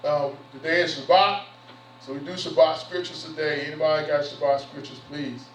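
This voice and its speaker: A man's voice: fairly high pitch, steady tone, normal speed, a little hiss or hum. A man, a bishop addressing his church service in a preachy, conversational, repetitive way. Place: church sanctuary. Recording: roomy, distant, dull church recording.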